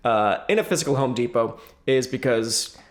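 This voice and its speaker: A man's voice: medium pitch, moderate pace. A man co-hosting a podcast, talking in a wry, earnest way with hesitant restarts. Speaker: podcast co-host. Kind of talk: casual chat.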